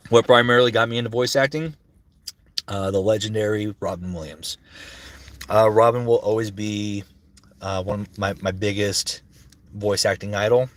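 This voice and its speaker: A man's voice: lowish voice, fairly even intonation, moderate pace, pauses often. A man in his thirties, a voice actor chatting casually on a livestream, rambling and swearing freely. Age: 30s. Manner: rambling, searching for words.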